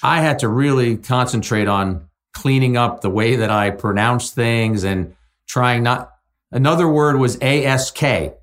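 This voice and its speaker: A middle-aged man from New Jersey, a sports journalist guest in a casual podcast conversation, speaking in a measured, earnest way. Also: mid-range voice. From Jersey City, New Jersey.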